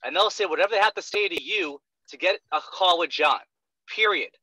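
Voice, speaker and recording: A young man coaches a sales trainee in a blunt, profane rush, hammering each point and checking in with "right?" again and again. His voice sits a little high and very bright, and the dry, close sound comes through a dull lo-fi recording. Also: fairly quick, no room sound. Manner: profane, emphatic, keeps asking "right?". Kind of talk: blunt one-on-one coaching talk.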